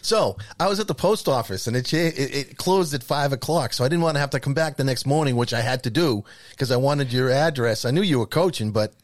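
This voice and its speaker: Fast-talking man co-hosting a podcast. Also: mid-range voice, dry recording, studio quality. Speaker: podcast co-host. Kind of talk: casual podcast banter.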